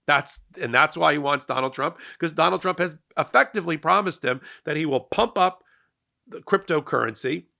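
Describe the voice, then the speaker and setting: A man's voice: fairly high pitch, normal speed, gravelly, sharp tone. Sarcastic man hosting political commentary. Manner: sarcastic, repeats words when starting sentences. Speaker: legal commentary host.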